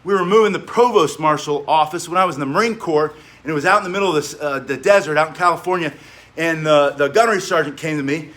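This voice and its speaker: A fitness coach with a fairly high voice for a man, energetic and talkative, laughing through his stories and slipping into exercise directions. He talks in an indoor training gym. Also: fast. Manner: energetic, chatty, laughs while telling stories. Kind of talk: spoken workout instruction with war stories.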